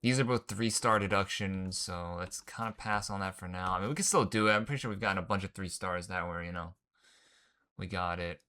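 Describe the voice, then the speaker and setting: A man's voice: low voice, brisk, bright, forceful tone. A man casually commenting while he plays a puzzle game, thinking aloud and muttering guesses in slangy talk. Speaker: gaming channel host. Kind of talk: casual let's-play commentary.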